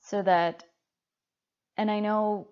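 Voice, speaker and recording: A woman co-hosting a podcast, talking casually in an earnest, halting way. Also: medium pitch, steady tone, clear, resonant tone. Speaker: podcast co-host. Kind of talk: casual conversation. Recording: muffled lo-fi recording.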